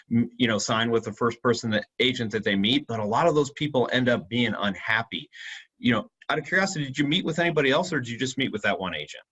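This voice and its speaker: A man coaching real estate agents in a casual training discussion, explaining things in a soft, questioning way. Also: medium pitch, breathy edge, low-quality recording. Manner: explanatory, demonstrates a softly questioning tone.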